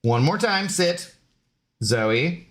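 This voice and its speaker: A man's voice: a little high, animated, drawn-out words, a bit bright. A man streaming a game in casual, rambling chat, joking with his dog and greeting viewers.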